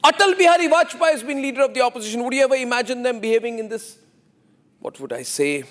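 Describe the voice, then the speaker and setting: A man's voice: very high voice, animated, fast, fairly bright tone. A male news anchor delivering an emphatic, opinionated monologue full of repetition and rhetorical questions.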